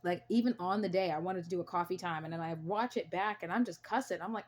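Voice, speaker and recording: With a fairly low pitch, she talks fast and hardly pauses, over a slight hiss or hum. This young American woman speaks casually and emphatically to camera on her own channel, earnestly repeating herself for emphasis.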